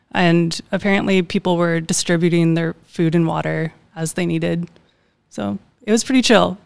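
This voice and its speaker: Easygoing woman with a gravelly voice. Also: on the low side, dry recording. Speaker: podcast guest. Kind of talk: casual chat.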